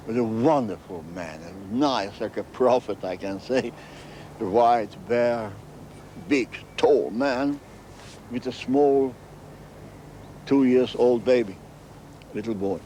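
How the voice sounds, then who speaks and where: Older male interviewee, halting second-language English, repeats himself, faint street noise behind. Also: mid-range voice, dark tone. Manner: halting, repeats phrases, non-native English grammar. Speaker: interviewee recounting memories. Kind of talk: storytelling interview.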